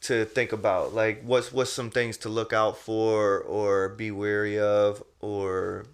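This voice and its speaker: A man's voice: on the low side, level tone, takes it slowly. A young adult man hosting a podcast, telling stories loosely and casually, full of "you know what I mean" and "man". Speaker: podcast host. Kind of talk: casual interview chat.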